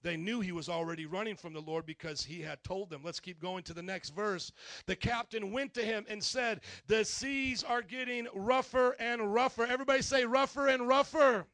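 A man preaching a sermon, telling stories with animated swings into loud delivery and calling on the congregation to repeat phrases. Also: sits high, normal speed, dry recording. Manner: call-and-response with the congregation. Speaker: pastor.

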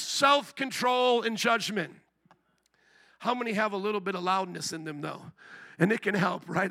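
Male pastor mid-sermon, high and very bright, drives points with repeated questions. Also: vocal fry. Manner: preaching with rising intensity, repetitive rhetorical questions.

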